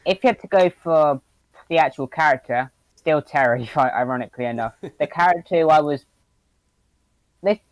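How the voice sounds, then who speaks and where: A man's voice: on the high side, normal speed, pauses often, dry recording, low-quality recording. A man chatting on a podcast, terse and dryly joking. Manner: terse, dry humor. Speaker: podcast co-host. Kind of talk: casual chat.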